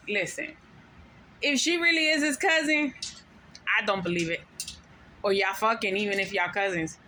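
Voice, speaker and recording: Bright, forceful woman venting a story. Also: a little high, expressive, normal speed, long pauses, slight background noise. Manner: profane, emphatic, venting; drops Spanish slang words. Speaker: vlogger telling a personal story; mother of five. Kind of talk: casual storytelling to camera.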